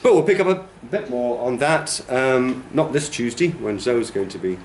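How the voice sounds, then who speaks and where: A man's voice: medium pitch, expressive, normal speed, darkish tone, reverberant, slight background noise. A male teacher trainer giving a classroom lecture, explaining patiently and checking in with "okay?". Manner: demonstrates rhythms by humming and counting.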